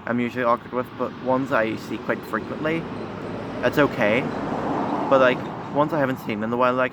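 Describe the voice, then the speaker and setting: A teenage boy talking candidly to his phone camera outside, shy and halting, full of pauses and restarts. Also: medium pitch, fairly even intonation. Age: teens. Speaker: vlogger. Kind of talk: candid confessional vlog. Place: outdoors by a busy road. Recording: phone recording with loud traffic noise. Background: passing cars.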